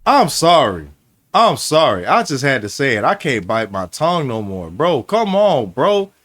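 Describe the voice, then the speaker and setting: Excitable man with a lively voice. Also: mid-range voice, a little slow. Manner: excitable, heated, slangy. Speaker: reaction video host. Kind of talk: casual reaction commentary.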